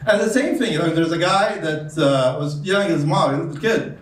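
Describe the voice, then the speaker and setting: A man's voice: on the high side, brisk. A man doing a stand-up comedy set on stage. He talks in a rambling, chatty way and laughs at his own jokes. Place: comedy stage before a live audience. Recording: roomy sound from a distance with faint noise.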